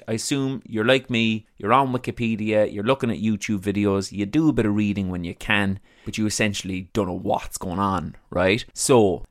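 A man's voice: lowish voice, fairly even intonation, a little fast, few pauses. A man with a Cork accent hosting a podcast, talking in a chatty, rambling, self-deprecating monologue. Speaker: podcast host.

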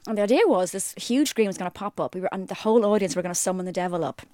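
A woman's voice: medium pitch, rapid-fire, no room sound. A woman co-hosting a podcast, chatting casually and telling stories with lots of laughter. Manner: lively storytelling, laughs often. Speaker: podcast co-host. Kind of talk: casual chat.

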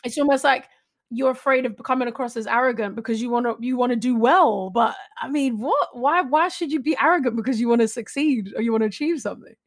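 A woman hosts a podcast chat with a slightly high voice, reacting eagerly and asking warm, probing questions. She laughs readily between her lines. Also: fast talker. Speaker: podcast host. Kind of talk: interview chat.

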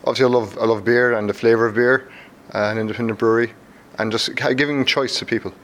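A man with a Cork accent, co-founder of a brewery, speaking in a friendly, brisk way in a casual interview. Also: medium pitch, steady tone, a bit bright.

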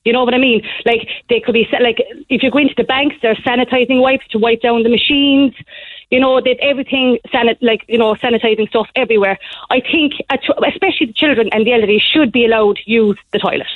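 A young woman on a tinny phone line, her voice sitting a little high. She talks in an animated, breathless rush, like a caller pouring out a story on air. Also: quick pace, no echo. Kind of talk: phone-in call to a radio show.

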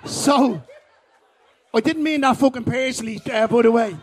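High-voiced sweary Dublin man. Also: normal speed, breathy edge. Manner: sweary, rambling, laughs through the telling. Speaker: guest comedian. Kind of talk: live stand-up storytelling. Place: live festival stage.

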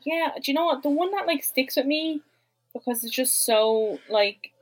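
A woman's voice: high voice, expressive, moderate pace, low-quality recording. A woman in casual chat as co-host, easygoing and full of "like" fillers.

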